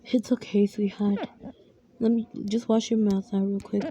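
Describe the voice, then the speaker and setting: A woman playing a caring, worried mother in a family role-play, speaking softly and often in a whisper. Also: mid-range voice, little pitch movement, moderate pace, husky, dull audio, close to an everyday voice. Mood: tender.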